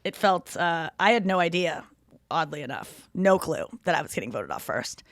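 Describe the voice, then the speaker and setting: This podcast host is a comedian in her thirties whose voice sits low, speaking at a moderate pace in a dry, studio-quality recording. Her casual chat is animated and profane, with mocking put-on voices for quoted people and plenty of "like" fillers and restarts.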